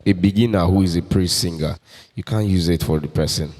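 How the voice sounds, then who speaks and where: A man hosting a casual keyboard tutorial, explaining slowly and repeating points as he demonstrates loops. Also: low-pitched, darkish tone, long reverb tail. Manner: slow, explanatory, repeats himself. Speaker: music tutorial host selling keyboard loops.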